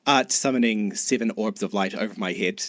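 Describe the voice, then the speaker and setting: A low-voiced man playing a tabletop game, speaking calmly and deliberately, close and dry on the mic. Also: no echo. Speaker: player. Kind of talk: casual tabletop game chat.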